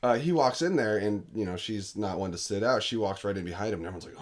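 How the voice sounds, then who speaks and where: Excitable young man reviewing movies. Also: fast. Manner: enthusiastic, acts out quotes with big pitch jumps. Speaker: podcast co-host. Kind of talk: casual movie review chat.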